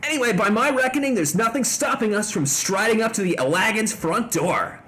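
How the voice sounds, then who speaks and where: A man's voice: high voice, animated, fairly quick, voice pushed up. A man voicing a laid-back male engineer chief as a drawling surfer dude, reading game dialogue on a stream. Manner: mellow, says dude a lot.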